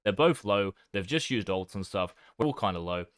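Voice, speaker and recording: A man talks through his own gameplay in a casual coaching tone, tossing in swear words and jokes at his own expense. His voice sits on the lower side, recorded close and dry with no room sound. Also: lively intonation, normal speed, no echo. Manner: swears casually, self-deprecating. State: talking with his mouth full.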